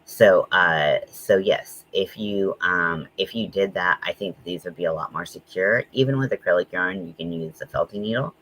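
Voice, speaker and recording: A man with a deep, low-pitched voice chats casually on his livestream. He rambles, fills pauses with ums and drifts into quick asides. A faint noise sits under the recording. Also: fairly bright tone, poor audio. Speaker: host.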